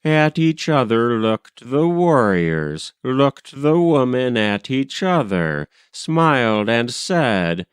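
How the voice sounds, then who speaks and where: Man reading poetry in a steady chant, lots of pitch movement, dry close mic. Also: smooth, no echo. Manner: rhythmic, measured verse delivery. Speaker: narrator.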